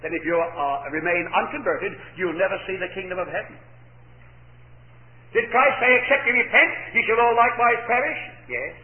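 A man's voice: sits high, lively intonation, normal speed. A man preaching a sermon with emphasis, posing rhetorical questions and answering them himself. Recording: echoey, phone-like lo-fi recording.

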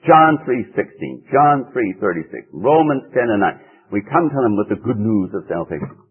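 A male preacher delivers an earnest, emphatic sermon, his low voice swinging widely in pitch. His tone is a little husky. It comes through a tinny, narrow-band old radio recording. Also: lively intonation, moderate pace.

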